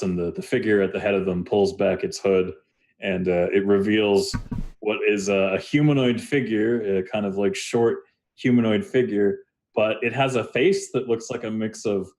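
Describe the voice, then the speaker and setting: A man narrating as game master of a tabletop game, halting, with many fillers and restarts. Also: fairly low pitch, darkish tone.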